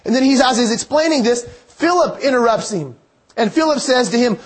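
A man's voice: extremely high pitch, animated, a little fast. A man preaching a sermon in an earnest, conversational way, quoting scripture and telling stories.

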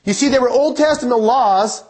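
A man preaching an expository sermon, earnest and emphatic, slowing down to read scripture aloud. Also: very high-pitched, darkish tone, breathy edge.

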